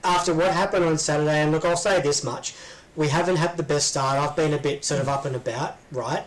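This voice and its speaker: A man's voice: on the high side, steady tone, fairly quick, low-quality recording. An Australian man co-hosting a casual chat, rambling with lots of ums and restarts. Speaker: podcast co-host.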